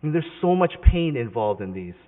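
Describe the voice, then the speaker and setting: A man's voice: medium pitch, very animated, a little fast, very noisy. A male pastor preaching a sermon in a conversational, emphatic way, often correcting himself mid-sentence. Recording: tinny phone-like sound with long hall reverb.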